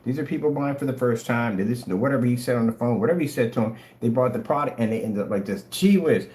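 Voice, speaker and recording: A fast-talking man with a medium pitch and a darkish tone hosts a livestream where he sells projector screen paint. He rants at his chat with sarcastic taunts, daring people to reply, over a roomy echo and faint hum.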